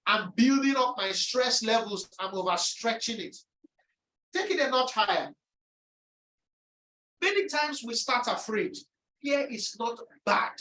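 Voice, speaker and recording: A woman's voice: a little high, lively intonation, a little slow, pauses often, a bit bright. Emphatic woman lecturing in an echoey room. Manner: emphatic, repeats key phrases, acts out inner voices. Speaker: speaker presenting on resilience. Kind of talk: motivational lecture. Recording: echoey room, distant mic.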